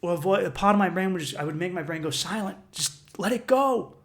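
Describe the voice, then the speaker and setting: A man in his thirties hosts a solo podcast, telling a personal story intensely and profanely while acting out his own inner voices. His voice sits high and he talks very fast.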